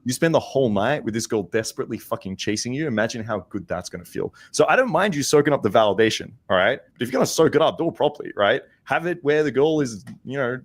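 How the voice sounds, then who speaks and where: A man's voice: mid-range voice, lively intonation, quick pace, hardly any pauses. A man on a panel giving emphatic advice in a coaching tone, checking in with "right?" and "okay?". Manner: emphatic, coaching tone with tag questions. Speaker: panel guest. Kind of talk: casual panel talk.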